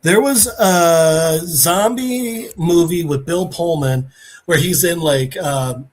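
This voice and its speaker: A man's voice: fairly high pitch, slow pace. A man hosting a podcast, animatedly retelling a comic story and acting out the characters' lines in casual chat. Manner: animated storytelling, acts out quotes. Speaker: podcast host.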